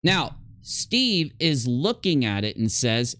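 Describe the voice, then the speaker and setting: A man's voice: mid-range voice, sing-song, slow, a bit bright, dry recording, clean studio sound. A man talking in a casual, rambling commentary over video clips, stressing his points emphatically. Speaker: YouTube commentator.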